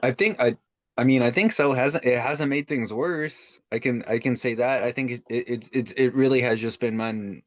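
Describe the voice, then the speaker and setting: A man's voice: mid-range voice, moderate pace, no room sound. A young man chatting casually on a podcast, laid-back and rambling with lots of restarts. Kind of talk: casual chat.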